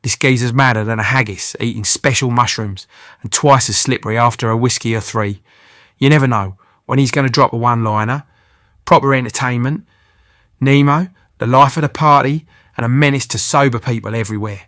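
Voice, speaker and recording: A man narrates the channel in a cheeky, joking voice full of British slang. His voice sits at a middle pitch and sounds dry and close, as if recorded straight into the mic with no room sound. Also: fairly quick, a bit bright, dry recording. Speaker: channel host. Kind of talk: scripted comic voice-over narration.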